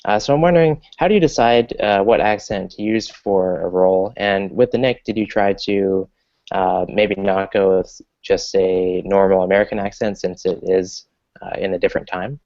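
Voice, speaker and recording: A man interviewing an actress, asking measured questions with frequent "uh" fillers. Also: low-pitched, darkish tone, highs cut off.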